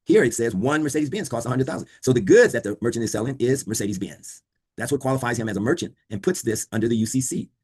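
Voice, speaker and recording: A man's voice: mid-range voice, animated, fast, darkish tone, husky. A man teaching a law class over a video call, quizzing students and repeating key points. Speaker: law instructor. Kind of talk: online class lecture.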